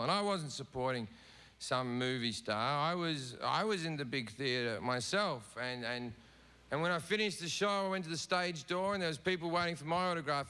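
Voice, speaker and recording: A man with a fairly high, pushed and bright but smooth voice performs a crude stand-up set on a theatre stage. He narrates a story and acts out its voices, captured in a reverberant live recording with an audience.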